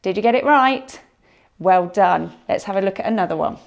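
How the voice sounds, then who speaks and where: A woman teaching a phonics lesson to young children, sounding out words slowly and encouraging them. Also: mid-range voice, lively intonation, creaky, lo-fi sound. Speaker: primary school teacher.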